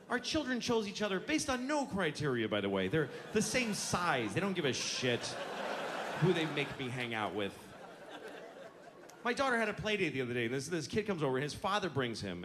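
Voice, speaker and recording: A male stand-up comedian rants with exasperation and plenty of swearing, his voice sitting high and swinging widely up and down. The live stage recording carries a clear layer of noise underneath. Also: fairly bright tone. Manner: exasperated, profane ranting.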